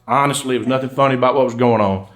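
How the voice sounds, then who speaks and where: Fast-talking Southern country undertaker. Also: male voice, mid-range voice, fairly even intonation, fairly bright tone. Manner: folksy, drawling, breaks into laughs at punchlines. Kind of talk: comic storytelling to a live audience. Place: stage before a live audience.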